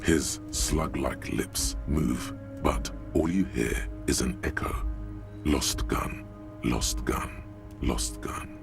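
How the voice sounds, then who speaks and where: A man voicing a brooding inner voice of the mind that narrates slowly and intensely. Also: extremely low pitch, gravelly, over music, full character voice. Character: ominous male inner voice of the mind. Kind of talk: fan voice acting of a game.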